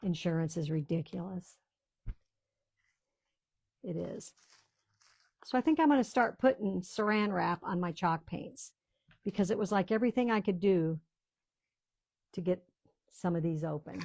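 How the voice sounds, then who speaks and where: A woman's voice: fairly low pitch, measured pace, vocal fry, pauses often, a little mellow, no echo. A woman in her sixties chatting casually to viewers while she crafts, rambling through family stories in a talkative, storytelling way. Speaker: craft video host. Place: small-town home.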